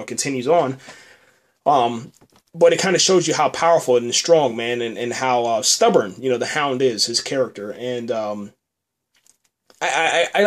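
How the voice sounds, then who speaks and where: A man hosting a podcast, recapping a TV episode in a loose, rambling way, full of fillers and repeated words. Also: medium pitch. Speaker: podcast host reviewing a TV episode. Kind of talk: casual spoken review.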